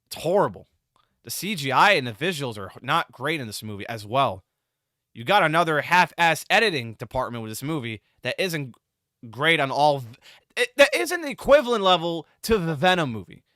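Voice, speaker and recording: A man's voice: on the high side, big pitch swings, normal speed, sharp tone, no echo, studio quality. A man giving a casual spoken movie review, rambling and exasperated, with frequent restarts and repeated phrases.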